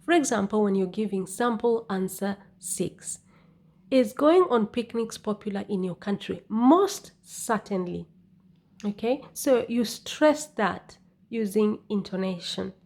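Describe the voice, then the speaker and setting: A woman giving an English exam lesson at an unhurried, careful pace. She spells things out patiently and checks in with "okay?" after each point. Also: medium pitch, lively intonation, darkish tone. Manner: slow, deliberate, repeats "okay?". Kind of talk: scripted lesson narration.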